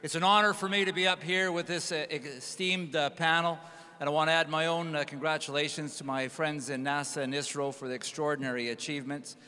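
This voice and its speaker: Bright, upbeat man in a hall. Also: fairly high pitch, steady tone, a little fast, clear, resonant tone. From Canada. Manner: upbeat, emphatic, frequent fillers. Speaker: space agency head. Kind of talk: conference speech. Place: large conference hall. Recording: echoey large hall.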